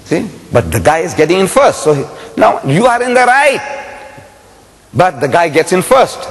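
A man's voice: on the high side, sing-song, normal speed. A man giving a public lecture, telling a story and firing rhetorical questions at his audience in a lecture hall. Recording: long hall reverb.

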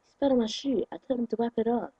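A young man, ranting indignantly to his camera in a vlog, with sudden loud outbursts. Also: very high voice, fast talker, husky, no echo, highs cut off. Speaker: vlogger.

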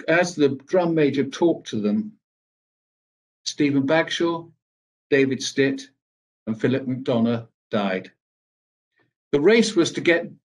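An older man giving a speech, telling a personal recollection in a measured, grave way with pauses. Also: mid-range voice. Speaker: speaker at a veterans' event.

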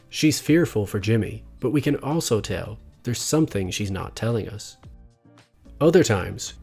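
A man narrates a scripted video essay. His voice sits somewhat low and his delivery is measured and analytical. Soft music plays quietly behind him. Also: creaky, husky. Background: faint background music.

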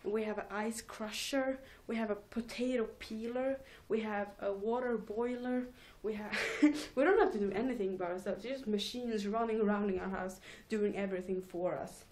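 A woman's voice: mid-range voice, moderate pace, few pauses, darkish tone. A teenage girl rambling casually in a home vlog, giggling and mocking herself between thoughts. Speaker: vlogger.

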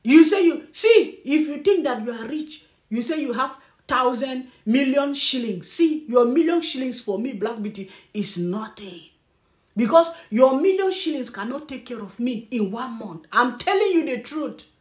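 A woman's voice: sits high, normal speed. A woman with a Nigerian Pidgin-influenced English accent, hosting a taunting, laughing commentary rant. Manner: taunting, laughing, loud and animated. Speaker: channel host. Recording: echoey room.

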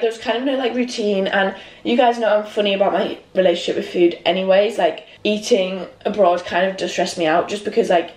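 A woman's voice: mid-range voice, a little mellow, reverberant. A young woman vlogging casually at home, chatty and peppered with "like". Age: young adult. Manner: chatty, heavy use of "like". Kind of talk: casual vlog chat. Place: home kitchen indoors.

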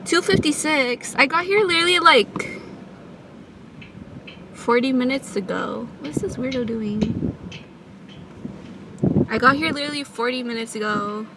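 High-voiced young woman vlogging outdoors. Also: lively intonation, a little slow, pauses often. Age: young adult. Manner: crude, self-mocking, laughing, hyping herself up. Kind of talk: casual vlog chatter. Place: outdoors at a beach. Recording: loud outdoor noise.

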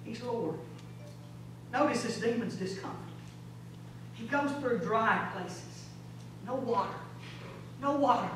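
A man preaches with a high, bright, ringing voice, trading loud exhortation for low intense stretches. He throws out rhetorical questions and folksy asides. The sound is very echoey, picked up from a distant mic with a faint hum. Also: animated, slow, long pauses. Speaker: pastor. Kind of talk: sermon. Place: large church sanctuary.

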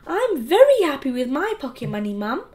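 Woman voicing a prissy little boy, smug, whiny, high sing-song, audiobook. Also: very animated, normal speed, darkish tone. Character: prim goody-goody little boy. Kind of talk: audiobook character voice.

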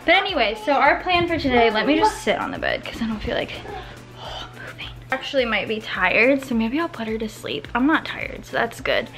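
A woman's voice: on the high side, huge pitch swings, fairly quick, hardly any pauses, music in the background. A young woman chatting casually at home to a handheld camera, rambling and correcting herself as she goes. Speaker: vlogger. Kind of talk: casual vlog chat.

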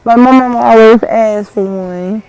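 High, slow-talking woman cooing at puppies. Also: a little mellow, clear, resonant tone, no echo. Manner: cooing, baby-talk at puppies. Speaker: vlogger. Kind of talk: casual vlog narration. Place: pet store.

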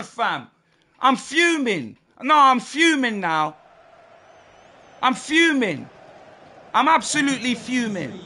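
Excitable young man ranting at a game. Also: very high-pitched, slow, pauses often. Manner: excitable, slangy, shouting at the game. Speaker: gaming streamer. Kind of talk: live game commentary.

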